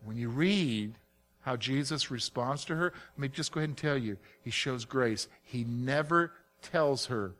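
A man's voice: medium pitch, measured pace, fairly bright tone. A male preacher delivering a sermon in an emphatic way, often asking his listeners direct questions.

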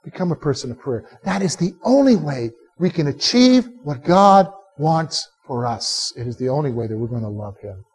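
A male pastor preaching a sermon to a live congregation, animated and conversational, quizzing listeners to answer back. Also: a little high, normal speed, few pauses, breathy edge. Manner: direct, conversational asides to the listeners. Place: church service before a live congregation.

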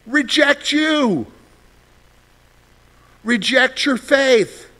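A middle-aged man preaching a sermon, asking the congregation rhetorical questions and swinging between loud emphasis and quiet asides. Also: very high voice, lively intonation, drawn-out words. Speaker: pastor.

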